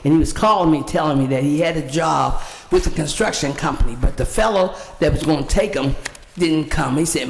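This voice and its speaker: A woman's voice: deep voice, animated, moderate pace, gravelly, a little mellow, in a large hall. An older woman giving an emotional public comment at a city council meeting, telling a personal story. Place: council chamber.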